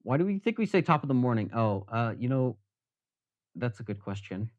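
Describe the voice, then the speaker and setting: A man's voice: mid-range voice, big pitch swings, a little fast, no echo, highs cut off. Rambling man chatting on a live stream. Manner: rambling, self-deprecating, chatting with viewers. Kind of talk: casual live-stream chat.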